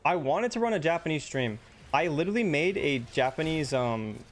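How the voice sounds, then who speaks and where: A young man with a fairly high, lively voice live-streams a game at a normal pace. Between rounds he chats casually and answers viewers' questions, using plenty of filler words.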